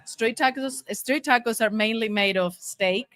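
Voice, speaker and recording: A woman's voice: fairly high pitch, unhurried, a bit bright, no room sound. A woman restaurant owner being interviewed, friendly and polite, answering with "yes, sir.". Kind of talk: interview conversation.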